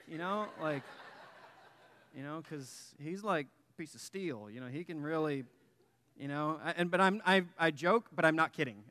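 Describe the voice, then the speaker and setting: A male pastor tells a story from the pulpit in a loose, casual way, full of fillers and self-deprecating asides. His voice sits a bit high and sounds bright. The sound carries a long reverb, as in a large hall. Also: lively intonation, normal speed. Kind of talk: sermon with personal story.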